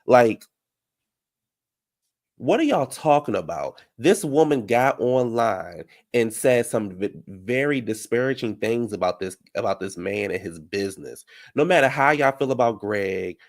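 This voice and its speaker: A man's voice: medium pitch, creaky. A man hosting a casual live recap of a reality show, ranting heatedly and answering viewer comments. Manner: heated, ranting, talks straight to the people on the show.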